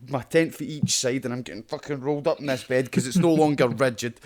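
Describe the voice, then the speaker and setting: Young scottish guy on a podcast, swears a lot, laughs through his stories, mid pitch. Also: fast, darkish tone. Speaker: podcast co-host. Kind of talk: casual chat.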